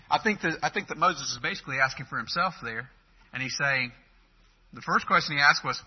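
A man preaching a sermon, emphatic, swinging between loud and soft, with hesitant restarts. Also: on the high side, a little fast, slightly rough. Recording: dull lo-fi recording.

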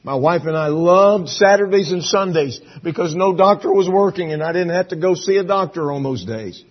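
Middle-aged male pastor, husky, slightly high voice, dull recording; hushed asides building to emphatic preaching. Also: normal speed. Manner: swings from soft and hushed to loud emphatic preaching. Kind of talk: sermon.

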